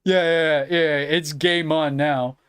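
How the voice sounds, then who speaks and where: A man's voice: a little high, steady tone, unhurried, a bit bright, clear, resonant tone. A man hosting a podcast, sarcastically mocking and ranting with lots of profanity. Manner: mocking, sarcastic, profane, laughing between jabs. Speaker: podcast host. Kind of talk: ranting reaction commentary.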